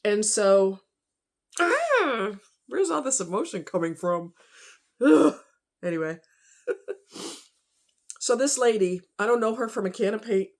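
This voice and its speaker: A woman's voice: medium pitch, expressive, normal speed, long pauses, darkish tone. A woman telling a painful personal story off the cuff, emotional and rambling, with many fillers.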